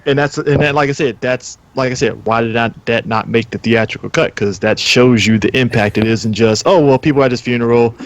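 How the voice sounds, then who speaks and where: A man's voice: mid-range voice, steady tone, a little fast, hardly any pauses. A man arguing in a casual movie debate, rambling with restarts and acting out quoted lines. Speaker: debate panelist.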